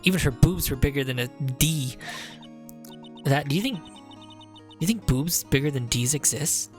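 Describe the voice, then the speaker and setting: Low-pitched woman streamer, loose and joking. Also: normal speed, a little mellow, soft background music. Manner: joking, swears, laughs at herself. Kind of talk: casual game reading with commentary.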